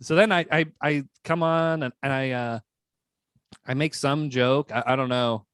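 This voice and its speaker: A man co-hosting a casual podcast chat, telling an anxious story and acting out the voices in it with sudden high yelps. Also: fairly even intonation, normal speed, fairly bright tone, clear, resonant tone, no room sound, studio quality. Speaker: podcast co-host.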